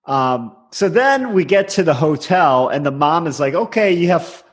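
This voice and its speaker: Animated profane man on a podcast. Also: a little high, unhurried, husky. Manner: profane, indignant ranting. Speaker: podcast co-host. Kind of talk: casual chat.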